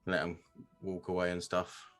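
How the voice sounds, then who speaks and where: A man's voice: deep voice, completely flat delivery, normal speed, a bit bright, faint music behind. A man playing a tabletop game who casually describes his character's actions. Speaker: player.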